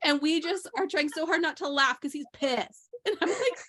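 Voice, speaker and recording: A woman's voice: high voice, normal speed. A woman co-hosting a parenting podcast who tells anecdotes about her family in casual chat. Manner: storytelling, animated retelling of anecdotes.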